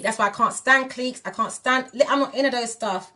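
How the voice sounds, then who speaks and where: A woman's voice: a little high, fast talker, pushed and bright. A woman in her forties from England, with a British accent that slips into Jamaican patois, delivering an impassioned, defiant rant on a livestream with emphatic repetition. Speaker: singer speaking on a livestream. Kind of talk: impassioned live video rant.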